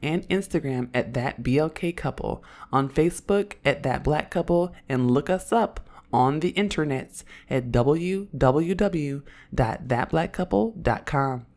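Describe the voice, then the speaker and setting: A woman in her thirties from Oakland with an Oakland accent, co-hosting a podcast in casual banter, her voice hoarse and raspy, playful and blunt. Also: deep voice, expressive, measured pace, hardly any pauses, a little mellow. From Oakland, California. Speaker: podcast co-host.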